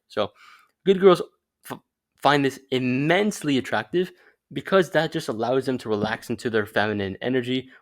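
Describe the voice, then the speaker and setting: Young man, casual advice monologue, rambling, profane, frequent self-corrections, mid-range pitch. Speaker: vlogger giving dating advice.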